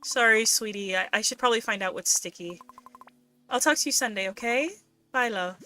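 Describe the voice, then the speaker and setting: A doting mother on a call, sweet and fussing, with a high, bright voice as a woman reads her lines on a stream. She talks to her child with gentle, affectionate care. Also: a little fast. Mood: fond. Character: warm doting middle-aged mother on a call. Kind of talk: reading game dialogue aloud on a stream.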